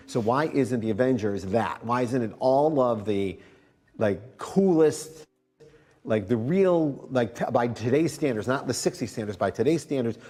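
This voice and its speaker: A man with a Cleveland accent, a comic book writer telling an animated anecdote in an archived interview clip and mimicking other people as he goes. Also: on the low side.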